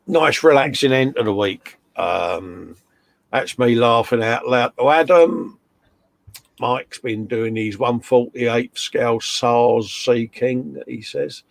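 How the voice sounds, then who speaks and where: A man with a gravelly edge to his voice, chatting on a live stream and calling everyone mate and fella. His voice is close and dry, with almost no room sound. He reads out viewer comments in a relaxed, joking way. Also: mid-range voice, slow pace, no echo. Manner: jokey, matey banter, calls everyone mate and fella. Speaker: co-host of a live modelling chat stream.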